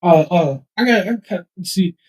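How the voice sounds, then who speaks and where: Animated and high-voiced, a street paper vendor who also raps rambles through a casual interview at a live nonprofit office event, repeating words often and beatboxing. His tone is darkish with a breathy edge at a moderate pace, captured in low quality.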